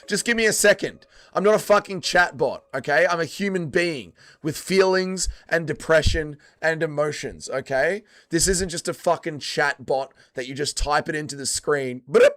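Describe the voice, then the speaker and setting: A man's voice: a little high, normal speed, hardly any pauses, a bit bright. A young man hosting a livestream, chatting casually and sarcastically, swearing freely and reading out chat messages. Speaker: livestream host.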